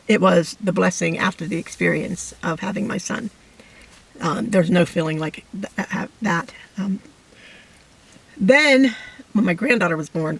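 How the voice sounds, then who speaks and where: A middle-aged woman giving an emotional personal testimony to camera, halting and fighting back tears. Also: medium pitch, gravelly, fairly bright tone, recorded from a distance, low-quality recording. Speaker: vlogger sharing a testimony.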